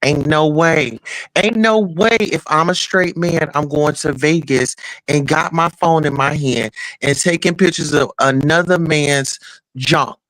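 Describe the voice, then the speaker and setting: A man speaks loudly and bluntly, full of profanity, repeating himself as he rants. His sound is dry and close to the mic. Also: a little high, no room sound, poor audio. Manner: loud, blunt and profane, ranting quickly with repeated words. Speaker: panel regular. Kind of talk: heated casual chat.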